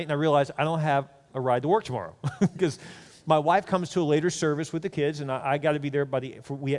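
A man's voice: fairly high pitch, a little mellow, big-room sound. A middle-aged man, a pastor, animatedly telling a story from the pulpit and acting out the voices in it. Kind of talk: sermon storytelling.

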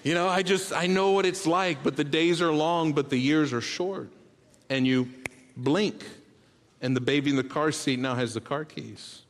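A man delivers a sermon in a slightly high voice, spinning family anecdotes. He jumps into loud, animated retellings, then sinks into quiet, earnest appeals. His words ring out with the long reverb of a big hall. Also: normal speed. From Bahamas. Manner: storytelling, swings from loud animated bursts to hushed earnest tones. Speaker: preacher.

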